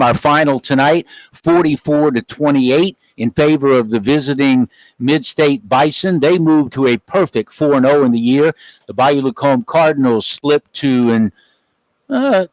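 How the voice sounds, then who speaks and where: A man's voice: a little high, no echo, low-quality recording. A middle-aged man doing play-by-play commentary for a football game, chatty and folksy. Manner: chatty, folksy wrap-up with asides. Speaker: play-by-play announcer. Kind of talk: sports commentary.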